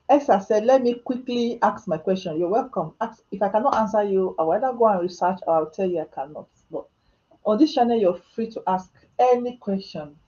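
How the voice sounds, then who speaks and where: A Nigerian woman chats on a live stream, joking about herself and breaking into laughter between answers to viewers. Her voice is mellow and warm, and the sound is a bit dull and muffled. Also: medium pitch, animated, moderate pace. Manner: chatty and self-mocking, laughing often, with Nigerian Pidgin asides. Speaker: vlogger answering live chat questions. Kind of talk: casual live-stream chat. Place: home.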